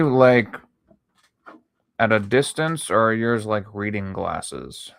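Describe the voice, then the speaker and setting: A man chatting casually with his viewers while he draws late at night, sleepy and yawning, swearing freely, talking to chat between long pauses. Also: fairly low pitch, lively intonation, creaky. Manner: laid-back, swears a lot, talks to chat between pauses. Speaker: art streamer.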